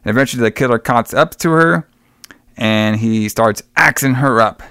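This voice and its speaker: A man's voice: mid-range voice, moderate pace, a bit bright, clear, resonant tone, dry recording. Guy casually recapping a movie, swears a ton, laughs a lot, dry sound. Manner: rambling, swears a lot, laughs often, acts out characters. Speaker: podcast co-host recapping a movie. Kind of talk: casual profane chat.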